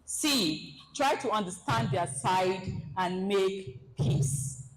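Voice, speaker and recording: Woman, seminar presenter, lively, dramatizes scenarios, mid-range voice. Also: medium pitch, takes it slowly, soft background music, low-quality recording. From Nigeria. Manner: animated, acts out scenarios. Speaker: relationship seminar speaker. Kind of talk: presentation talk to an audience.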